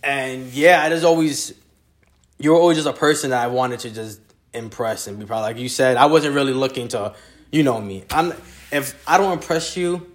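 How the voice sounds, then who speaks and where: A young adult man telling a personal story in a casual, animated way. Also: mid-range voice, normal speed. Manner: animated storyteller, laughs easily.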